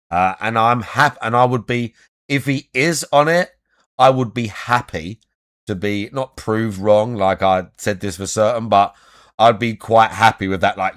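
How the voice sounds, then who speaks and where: A man's voice: on the low side, fairly bright tone. A young man giving crude, mocking commentary, laughing often and trailing off into restarts. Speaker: online commentator.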